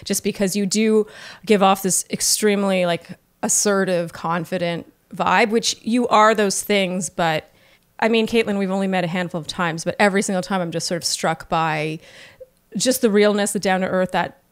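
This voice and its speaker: A woman's voice: medium pitch, fairly even intonation, moderate pace, clear, resonant tone. A woman hosting a podcast interview, talking in an effusive, complimentary way. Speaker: podcast host.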